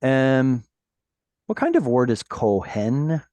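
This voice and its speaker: Slow, careful male Hebrew teacher. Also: mid-range voice, big pitch swings, darkish tone, no echo. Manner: patient, explanatory, reads Hebrew slowly and carefully. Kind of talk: online Hebrew class. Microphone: video call.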